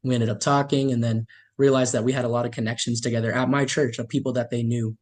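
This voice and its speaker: A man's voice: medium pitch, little pitch movement, quick pace. A man who is a youth leader and hospitality worker, telling stories as a podcast guest in an enthusiastic, grateful way with frequent restarts. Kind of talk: casual storytelling in an interview.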